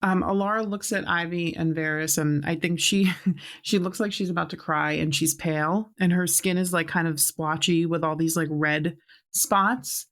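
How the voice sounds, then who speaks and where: A woman's voice: lowish voice, fairly even intonation, moderate pace, fairly bright tone. Hesitant woman tabletop player. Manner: hesitant, lots of fillers. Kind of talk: casual tabletop play.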